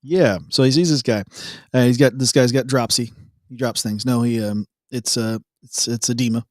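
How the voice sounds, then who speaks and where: A man co-hosting a devotional show, reading a Bible passage and joking around in a relaxed, casual chat. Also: medium pitch, normal speed, no echo, clean studio sound. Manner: laid-back, jokey, laughs often.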